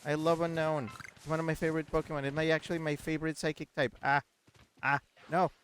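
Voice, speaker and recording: A man streaming a video game, chatting excitedly, repeating words and reading the chat aloud. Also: fairly high pitch, quick pace, a little hiss or hum. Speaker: gaming streamer. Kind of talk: excitable live gameplay chat.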